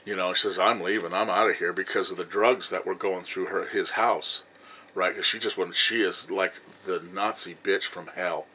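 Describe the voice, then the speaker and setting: A man's voice: sits low, fairly even intonation, moderate pace, bright, forceful tone, husky, poor audio. Blunt, rambling man in his fifties. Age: 50s. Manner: blunt, rambling, peppered with "you know", swears freely. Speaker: vlogger. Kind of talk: rambling personal storytelling to camera.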